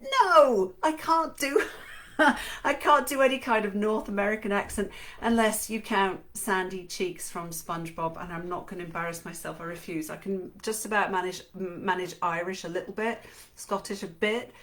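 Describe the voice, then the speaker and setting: A woman's voice: mid-range voice, steady tone, fairly quick, a bit bright. A woman host reading a book's first chapter aloud on a live stream, then chatting with viewers. She talks in a chatty way and laughs easily.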